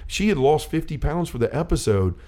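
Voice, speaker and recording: A middle-aged man with a fairly high, mellow voice and lively intonation talks a little fast. Hosting a faith-based chat, he tells a personal story earnestly and ramblingly, with many restarts and quoted dialogue.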